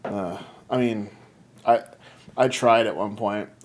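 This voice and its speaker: A man's voice: lowish voice, slow. A man hosting a podcast, chatting casually with friends, often laughing and restarting his sentences. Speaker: podcast host. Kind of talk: casual chat.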